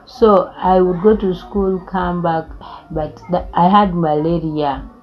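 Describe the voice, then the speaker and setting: A woman's voice: on the low side, fairly even intonation, takes it slowly, highs cut off, a little hiss or hum. A young woman, telling her life story in an earnest, reflective way. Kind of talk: personal storytelling.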